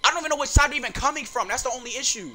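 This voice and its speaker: A man giving excitable, slangy gameplay commentary, reacting loudly as he plays. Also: very high voice, very fast, a little hiss or hum. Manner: casual slangy talk. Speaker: gaming channel host. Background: game music.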